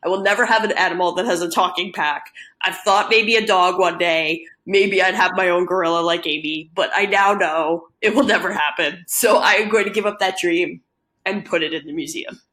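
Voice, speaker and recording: A woman's voice: lowish voice, fairly even intonation, normal speed, fairly bright tone. A woman chatting on a podcast, playful and cheeky, laughing often. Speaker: podcast guest co-host. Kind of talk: casual chat.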